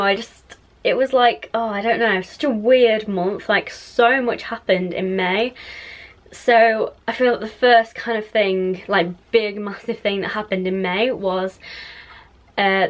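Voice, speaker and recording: Rambling chatty young woman. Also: mid-range voice. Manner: rambling, chatty, many fillers. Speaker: vlogger. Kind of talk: casual monthly recap vlog.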